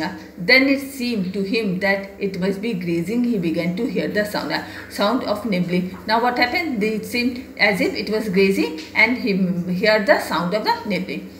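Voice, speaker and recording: A woman's voice: medium pitch, a little hiss or hum. A woman teacher reads a story aloud and explains each line to her class, asking and answering her own questions with hesitant restarts. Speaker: English teacher. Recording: echoey room.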